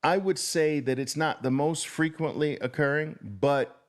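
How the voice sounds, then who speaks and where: A middle-aged man teaching chart patterns, speaking deliberately and repeating key words for emphasis as he draws. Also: on the high side. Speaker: trading educator. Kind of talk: chart-drawing lesson.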